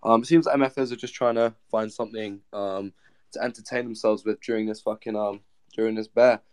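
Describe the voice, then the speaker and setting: A man's voice: fairly low pitch, fairly even intonation, brisk, smooth. A man speaking casually in an online audio chat, laid-back and hesitant, with lots of ums. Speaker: listener invited to speak.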